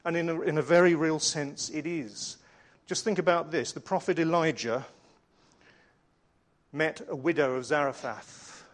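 Earnest middle-aged male preacher, slightly high. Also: unhurried. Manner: earnest, conversational storytelling. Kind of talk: sermon with slides.

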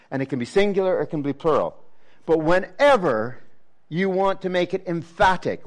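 Preacher, male, higher-pitched voice, dramatic sermon delivery that swings from loud emphasis to near-hushed lines, heavy repetition. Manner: swings from loud excited emphasis to hushed, dropped low tones; repetitive, rhetorical questions to the congregation.

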